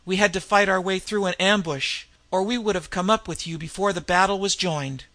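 A man voicing a gruff, bearded Norse warrior who speaks with grunting urgency in a read-aloud tale. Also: sits high, fairly even intonation, fairly quick, bright, forceful tone, no room sound, voice pushed up. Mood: urgent.

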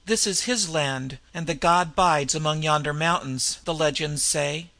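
A man's voice: fairly high pitch, measured pace, bright, forceful tone, no echo. A man voicing an uneasy, superstitious Norse warrior who mutters his warning in a read-aloud tale.

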